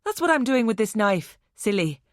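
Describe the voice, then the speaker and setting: A woman voicing an unhinged young woman who talks about murder with a mocking calm. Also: fairly high pitch, normal speed, no echo, clean studio sound. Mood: coldly menacing. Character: unhinged young Irish woman, cold and menacing.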